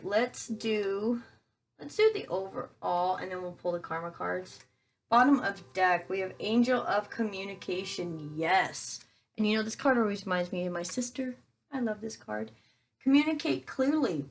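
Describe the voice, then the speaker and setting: A woman's voice: medium pitch, vocal fry. A woman doing a casual tarot reading for her viewers, chatty and talking straight to them with plenty of fillers. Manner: chatty, addresses viewers as guys, thinks aloud with fillers. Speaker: tarot reader.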